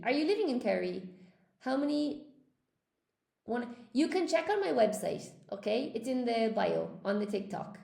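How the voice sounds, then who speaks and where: Woman teaching english live, gravelly voice, bit high, echoey room, chatty and upbeat with viewers. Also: darkish tone. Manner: chatty, encouraging, talks straight to viewers. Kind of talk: live-streamed lesson, reading viewer comments.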